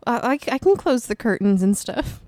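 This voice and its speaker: A woman's voice: on the high side, very animated, moderate pace, mellow, dry recording. Woman co-host, playful teasing storyteller, dead-dry recording. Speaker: podcast co-host. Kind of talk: casual chat.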